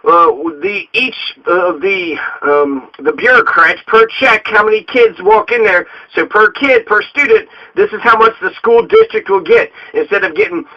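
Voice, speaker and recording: A man from Colorado, a local political candidate, delivering an angry, profane political rant full of swearing. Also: sits high. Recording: dull lo-fi recording.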